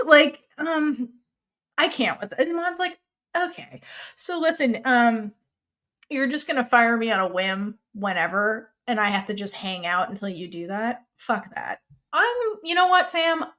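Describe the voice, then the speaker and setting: Woman podcast co-host, fairly high pitch, animated casual recap. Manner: animated, swears freely, acts out characters' lines.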